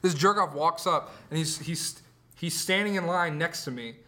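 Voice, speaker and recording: A teenage guy in casual chat, animated and swearing, acting out what people said. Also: a little high, normal speed. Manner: animated, swears a lot, acts out quotes.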